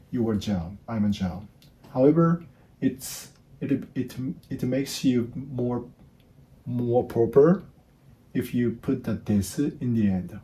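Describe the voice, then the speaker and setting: Slow, dark-voiced Japanese man in his 50s. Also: mid-range voice, a little hiss or hum. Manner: halting, repeats words, many restarts. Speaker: language teacher. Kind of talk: casual spoken lesson.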